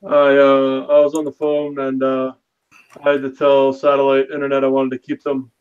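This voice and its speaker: A man's voice: medium pitch, monotone, clean tone. Profane man on lo-fi podcast audio. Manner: profane, rapid storytelling. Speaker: podcast regular. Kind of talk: casual chat. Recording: slightly dull lo-fi audio.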